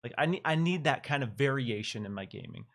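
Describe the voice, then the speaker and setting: A man hosting a casual live-streamed gaming chat, talking with animated energy and reading out viewer messages. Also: mid-range voice, brisk. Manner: animated, reads viewer comments aloud. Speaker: podcast host.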